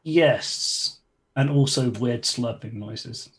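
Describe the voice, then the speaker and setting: Man, game master, relaxed and chatty, online tabletop session. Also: medium pitch, slow. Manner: relaxed, chatty, cursing mildly at stream problems.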